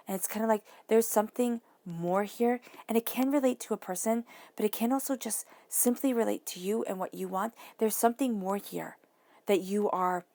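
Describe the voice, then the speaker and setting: Gravelly-voiced woman giving a tarot reading. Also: medium pitch. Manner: soothing, drops to soft whispers. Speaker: tarot reader.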